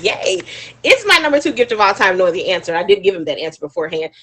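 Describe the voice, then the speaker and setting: Chatty woman host, bubbly and animated, talking to her live-stream viewers. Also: mid-range voice, a little fast. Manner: bubbly, chatty, laughs often. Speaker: wedding planner hosting a live stream.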